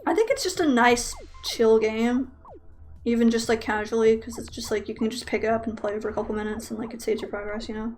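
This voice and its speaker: A woman's voice: fairly high pitch, fairly quick, a little mellow, faint music behind. A young woman casually commentating her own speedrun, rambling with lots of fillers and self-deprecating jokes.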